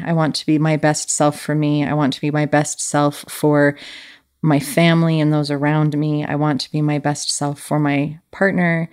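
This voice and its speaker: A middle-aged woman hosting a podcast, telling a personal story in a soft, earnest, reflective way. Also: sits low. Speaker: podcast host.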